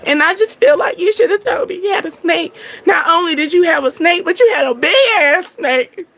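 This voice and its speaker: Bright high-voiced woman reading tarot. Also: a little fast. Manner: chatty, laughing, animated storytelling. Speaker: tarot reader. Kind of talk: casual tarot reading monologue.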